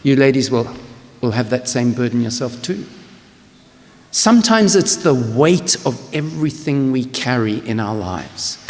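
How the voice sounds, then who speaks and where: A man's voice: mid-range voice, animated, unhurried. Scottish male pastor, earnest and tender sermon delivery, church hall with long reverb. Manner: earnest, tender, repeats words when starting a thought.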